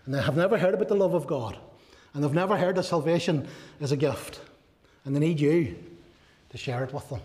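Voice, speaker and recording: A man preaching earnestly, slightly high voice. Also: fairly quick, long pauses, darkish tone. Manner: earnest preaching with rhetorical questions. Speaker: pastor. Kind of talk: sermon.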